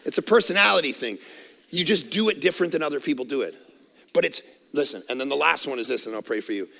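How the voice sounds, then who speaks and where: A middle-aged pastor preaching in a long, echoing hall. His voice sits high and rough with heavy grit, and it cuts bright and forceful as he preaches at full energy and jokes at his own expense. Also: fast talker. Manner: energetic, loud preaching with self-mocking humor. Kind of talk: sermon. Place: church auditorium. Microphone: headset microphone.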